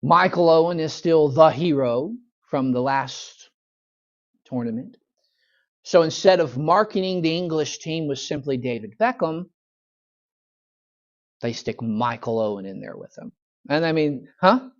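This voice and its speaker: A man's voice: on the high side, animated, unhurried, long pauses. A man, a pastor teaching a church Bible study in a folksy, conversational storytelling manner. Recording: dull lo-fi church recording.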